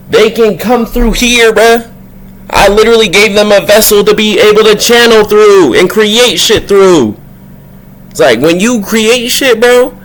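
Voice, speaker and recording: A man at a middle pitch vlogging about spirituality in a loose, casual way. He is slangy and profane. When an idea excites him, his voice leaps up high, and then it settles back down. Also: a little hiss or hum. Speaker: vlog host. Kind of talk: casual spiritual vlog monologue.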